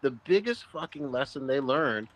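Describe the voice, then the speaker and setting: Co-host, man, loud-mouthed raunchy storyteller, emphatic delivery. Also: mid-range voice, moderate pace, no room sound, low-quality recording. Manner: crude, animated, emphatic storyteller. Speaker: podcast co-host. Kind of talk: casual chat, storytelling.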